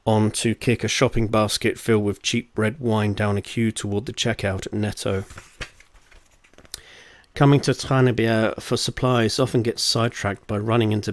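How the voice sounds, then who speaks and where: A man's voice: on the low side, no echo. A man reading his own novel in one casual take, dry and sweary, with a slightly blocked nose.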